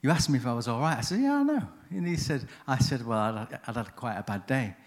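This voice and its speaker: A man's voice: mid-range voice, expressive, quick pace. A man giving a seminar on chaplaincy, telling a story in a chatty, anecdotal way, often interrupting himself. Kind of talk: conference talk with storytelling.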